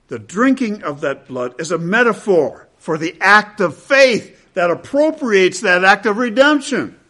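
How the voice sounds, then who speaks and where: A man delivers an expository sermon, returning to key phrases repeatedly and moving back and forth between booming emphasis and hushed, low delivery.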